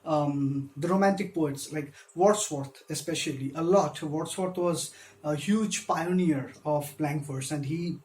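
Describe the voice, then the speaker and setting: A man's voice: fairly high pitch, measured pace, darkish tone. A man who gives a literature lecture, patiently explaining step by step and stressing syllables when he demonstrates them. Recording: echoey room.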